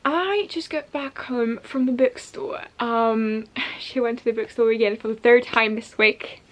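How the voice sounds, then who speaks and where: A young woman sits at home talking to camera about the books she bought, rambling and scattered, full of asides and restarts. Her voice is on the high side and unhurried.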